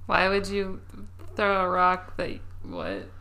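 A woman's voice: on the low side, very animated, takes it slowly, sharp tone. A woman playing a tabletop game, making wry, giggly asides. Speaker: player.

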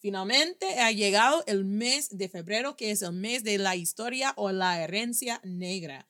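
Hype lady host teaching spanish, bright ringing voice, slangy, mixes english and spanish. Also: medium pitch, normal speed. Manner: energetic, slangy, switches between English and Spanish. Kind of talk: upbeat casual language lesson.

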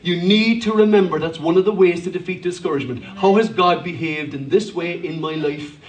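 Male pastor with a very high voice, emphatic and humorous, miked from a distance in a church. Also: brisk. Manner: emphatic preaching with rhetorical questions and humor. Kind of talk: sermon. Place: church hall. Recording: echoey hall, voice from a distance.

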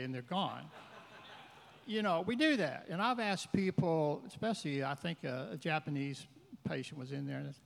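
A man's voice: on the high side, animated, normal speed, vocal fry. A man, a workshop participant telling a rambling anecdote from the audience. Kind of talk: storytelling question from the audience. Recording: reverberant hall.

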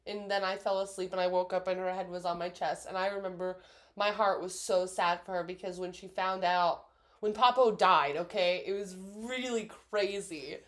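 A woman's voice: lowish voice, normal speed. A woman in her twenties co-hosting a podcast, telling stories in casual chat and acting out quotes with laughter. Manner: lively storyteller who acts out quotes with laughter. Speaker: podcast co-host.

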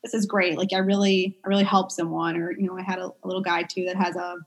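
A young adult woman with a husky, lowish voice talks fast over poor audio. She's a pediatric medical speech-language pathologist being interviewed as a guest, chatty and filler-heavy, bringing real animation to the stories she retells.

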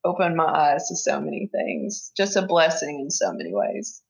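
A woman speaking as an interview guest, earnest and halting, with many fillers and restarts as she talks openly. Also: deep voice, very animated, gravelly, poor audio. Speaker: interview guest, family caregiver. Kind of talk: emotional personal conversation.

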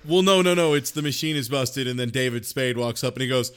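A man's voice: mid-range voice, fast talker, a bit bright, smooth. A man on a podcast griping sarcastically about a bad movie scene. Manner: sarcastic, exasperated. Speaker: podcast co-host. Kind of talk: casual movie recap chat.

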